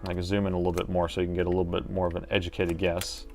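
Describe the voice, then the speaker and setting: A man's voice: sits low, little pitch movement, very fast, gravelly, faint music behind. A middle-aged man hosting a live repair stream, chatting and thinking aloud as he works and joking with his viewers. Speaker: host and laptop repair technician.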